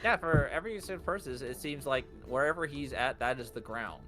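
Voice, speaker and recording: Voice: mid-range voice, fairly quick, music in the background. A game master narrating a tabletop game in a loose, rambling way full of fillers.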